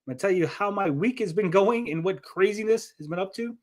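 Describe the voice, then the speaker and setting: A man's voice: sits high, brisk. A man hosting a casual livestream, rambling and joking as he reads out chat messages. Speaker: livestream host.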